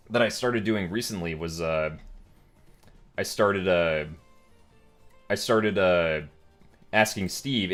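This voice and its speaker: A man chats casually on a live stream, wandering through his thoughts with many fillers. His voice sits low. Faint music plays under his talk. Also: a bit bright. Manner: rambling, filler-heavy and laughing often. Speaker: streamer and voice actor.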